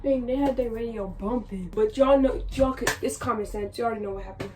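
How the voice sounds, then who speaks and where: Animated woman telling a story, distant mic. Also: on the high side, fairly quick. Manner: animated, exasperated, repeats herself. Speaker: vlogger. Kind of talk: casual storytime. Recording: distant mic with noisy background.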